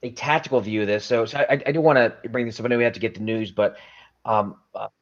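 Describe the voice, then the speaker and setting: A male podcast host in casual conversation, his mid-pitched voice stopping and starting while he looks for the right word. The recording sounds dull and lo-fi. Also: steady tone, fast talker. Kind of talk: casual interview chat. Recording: dull lo-fi audio.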